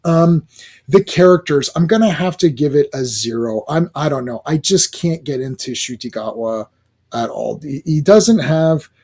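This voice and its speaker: A man's voice: fairly high pitch, lively intonation, normal speed, a little mellow, husky. A man giving a casual, rambling review rant, exasperated, with many fillers and restarts. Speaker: video reviewer.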